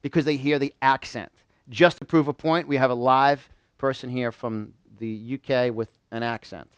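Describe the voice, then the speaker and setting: A man's voice: medium pitch, steady tone, moderate pace, clear, resonant tone, no room sound, highs cut off. A man from New York giving a live motivational seminar, quizzing a small audience in call-and-response. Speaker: motivational speaker.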